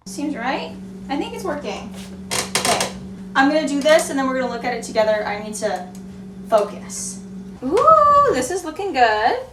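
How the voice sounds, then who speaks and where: With a high, animated voice over background noise, this young Canadian woman sews at home and keeps up a casual sew-along chat with her viewers. She narrates every step to herself, breaking into quick exclamations along the way.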